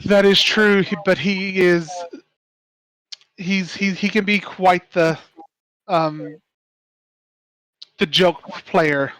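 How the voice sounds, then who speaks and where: A man plays a polite elf who questions others in a tabletop game. His voice is high and he speaks slowly, in a dry close sound. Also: fairly even intonation, fairly bright tone, no echo, rough recording. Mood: probing. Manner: slow, probing, polite. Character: measured male elf questioner.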